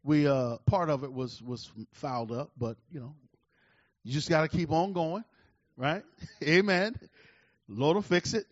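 A man's voice: on the high side, measured pace, no room sound, dull audio. Fervent preaching man in his forties. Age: 40s. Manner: preacher with call-and-response asides, swinging between loud and hushed. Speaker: pastor. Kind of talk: sermon.

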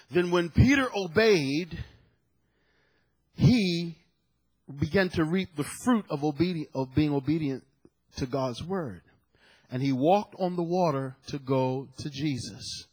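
A man's voice: on the high side, slightly rough. A male preacher delivering a sermon, emphatic and dramatic, repeating key phrases for effect. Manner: dramatic storytelling with sudden loud peaks.

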